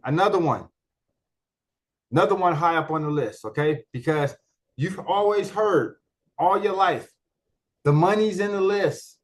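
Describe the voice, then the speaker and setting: High-voiced man giving casual training talk. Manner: colloquial, repetitive, full of rhetorical questions. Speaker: network marketer presenting a software walkthrough.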